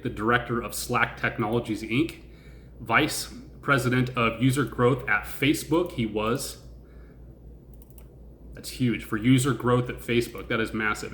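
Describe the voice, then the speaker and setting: A man's voice: mid-range voice, sharp tone, roomy sound, a little hiss or hum. A man hosting a stock-investing channel, chatting casually, laughing often and asking his viewers questions. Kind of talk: casual video commentary.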